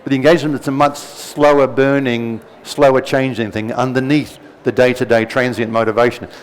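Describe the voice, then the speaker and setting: A middle-aged man with a softened New Zealand accent speaks at a live seminar. He talks in an easy, conversational way, throwing in jokes and questions to the room, and his pitch sits in the middle range. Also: low-quality recording. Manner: conversational, joking asides to the audience.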